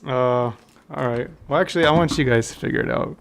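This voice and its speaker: A man's voice: mid-range voice, fairly quick, gravelly, a little hiss or hum. A young man as a podcast guest, laid-back in casual chat, often answering briefly.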